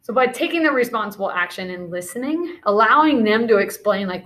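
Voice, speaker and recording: A woman's voice: fairly high pitch, animated, fairly quick, a bit bright. A woman teacher leading a classroom video lesson, talking through scenarios and calling out movement commands in an encouraging way.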